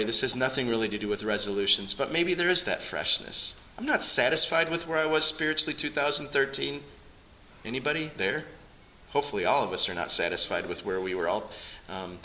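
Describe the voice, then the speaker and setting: A man's voice: medium pitch, pushed and bright, slight background noise, poor audio. A man preaching a sermon to his congregation in an earnest, conversational way. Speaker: pastor.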